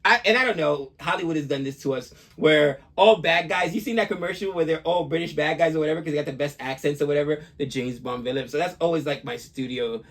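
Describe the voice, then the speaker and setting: A man co-hosting a music reaction show, talking casually in an animated, rambling way. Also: fairly high pitch. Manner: animated, talkative, quick asides. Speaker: reaction channel co-host. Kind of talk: casual chat.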